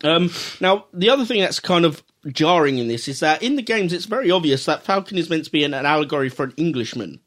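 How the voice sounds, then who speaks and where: A man's voice: a little high, animated, fast, hardly any pauses, a bit bright. A man co-hosting a podcast, explaining and critiquing an anime in a casual, opinionated chat. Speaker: podcast co-host.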